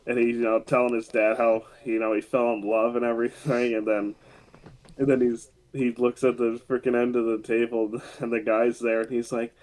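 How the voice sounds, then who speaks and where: A man's voice: medium pitch, little pitch movement, moderate pace, darkish tone, low-quality recording. A man co-hosting a casual podcast, retelling scenes with lots of fillers and restarts. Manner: rambling retelling with many fillers and laughs. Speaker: podcast co-host. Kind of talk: casual chat.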